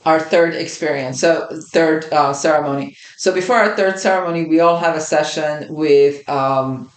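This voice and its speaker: A woman's voice: sits low, moderate pace, roomy sound. A woman in her fifties co-hosting a podcast, sharing a personal experience in earnest, reflective storytelling. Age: 50s. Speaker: podcast co-host. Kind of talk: casual chat.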